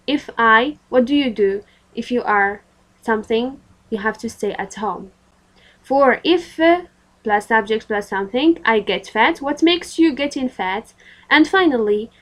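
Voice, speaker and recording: A woman's voice: on the high side, a bit bright, poor audio. A woman with a Moroccan accent teaching a recorded English grammar lesson, explaining patiently with frequent fillers.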